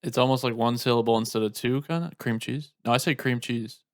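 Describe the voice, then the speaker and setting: A man's voice: medium pitch, fast talker, no echo, studio quality. A man co-hosting a casual podcast, talking in an easygoing, rambling way with lots of "I mean". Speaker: podcast co-host. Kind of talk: casual chat.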